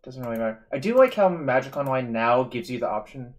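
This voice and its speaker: A man's voice: mid-range voice, big pitch swings, fairly quick. A man hosting a live game stream, analyzing plays in a casual, thinking-aloud way. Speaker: streamer host. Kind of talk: casual gaming commentary.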